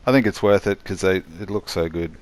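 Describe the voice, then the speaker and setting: A tired man giving a rambling, halting voice-over commentary on his own gameplay, yawning as he goes. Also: low-pitched. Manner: rambling, halting, many restarts and fillers.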